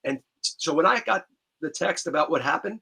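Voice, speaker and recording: A man in an interview, talking in a heartfelt, halting way about a late friend. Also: a little high, animated, gravelly, pushed and bright, slightly rough. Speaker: guest musician. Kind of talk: casual interview talk.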